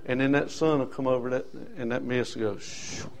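A man's voice: medium pitch, steady tone, quick pace. Impassioned older preacher man. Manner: impassioned, rhythmic repetition, folksy asides. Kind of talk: sermon.

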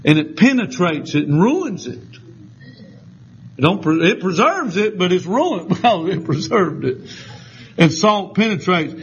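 A man's voice: high voice, very animated, unhurried, breathy edge, muffled recording. A man with a Southern US accent preaching a folksy sermon, telling homespun stories with a drawl and chuckles.

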